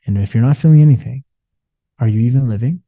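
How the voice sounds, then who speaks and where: A man's voice: medium pitch, fast talker, mellow. A man, a business coach, talking passionately in an interview and telling stories in which he quotes himself and others. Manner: passionate, preachy storytelling. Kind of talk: candid interview talk.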